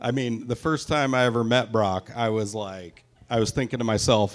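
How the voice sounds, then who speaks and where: A brash young man tears through a stand-up set, swearing freely and firing jokes at the crowd. He is from the Pacific Northwest, and his voice sits at an ordinary middle pitch. He works a live room in a brewery. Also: a little fast, hardly any pauses. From Pacific Northwest, USA. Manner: crude, brash, profane, punchy delivery. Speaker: stand-up comedian.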